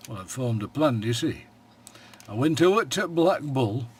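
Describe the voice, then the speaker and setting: An actor playing a wry, plain-spoken old shepherd in a radio monologue, with a broad Yorkshire accent and a dry, homely way of talking. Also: male voice, medium pitch, expressive, normal speed, slight background noise, lightly acted. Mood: knowing. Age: older.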